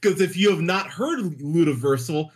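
A man in casual podcast chat about movies, excitable and profane, who keeps restarting his sentences with "but, but". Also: a little high, moderate pace. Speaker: podcast co-host.

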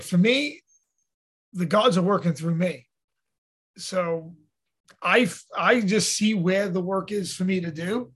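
A man with a notably high and husky voice tells stories in a loose, conversational way. He talks earnestly, drops the occasional swear word and sounds relaxed as a podcast guest. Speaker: podcast guest, fitness coach. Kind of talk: casual conversational storytelling.

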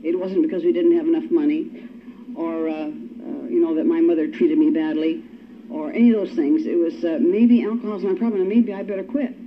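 Her pitch fairly low and her tone steady, an older woman talks a little fast while telling her story at a recovery meeting. She is wry and makes fun of herself along the way. The sound is dull and lo-fi with a faint hiss.

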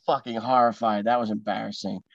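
A man's voice: lowish voice, fairly even intonation, a little fast, gravelly, dry recording, lo-fi sound. A young man on a podcast telling an embarrassing story in a rambling, laughing way, over a call. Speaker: podcast co-host. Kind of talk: casual storytelling chat.

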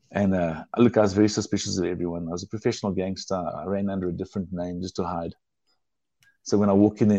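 A man tells his life story in a low, dark voice, earnest and emotional, often stumbling and restarting mid-sentence. The recording is dry and slightly dull. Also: dry recording. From South Africa. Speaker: guest telling his testimony. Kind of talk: personal testimony in conversation.

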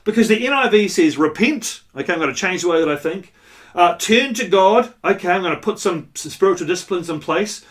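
A man's voice: high voice, expressive, fairly quick, a bit bright. A male pastor giving a sermon in a conversational, earnest way, telling a personal story with frequent asides. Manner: conversational, earnest, self-deprecating storytelling with frequent "you know".

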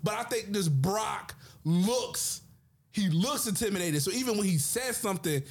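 A man chatting casually about wrestling as a podcast co-host, animated and acting out quotes in put-on voices. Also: high voice, normal speed, slightly rough.

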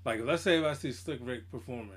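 Animated slangy man telling stories. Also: medium pitch, fast talker, slightly rough. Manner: animated storytelling, slangy, acts out quotes. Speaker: podcast co-host. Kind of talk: casual chat.

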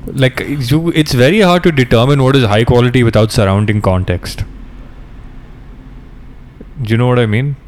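A man's voice: mid-range voice, moderate pace, pauses often, darkish tone. A man in his thirties from India, co-hosting a podcast in a casual, reflective and wry way, swearing now and then. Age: 30s. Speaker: podcast co-host. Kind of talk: casual chat.

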